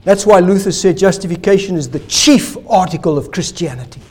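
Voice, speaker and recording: A male pastor preaching a sermon, emphatic, asking rhetorical questions and swinging between loud declarations and soft asides. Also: high voice, brisk, slightly rough.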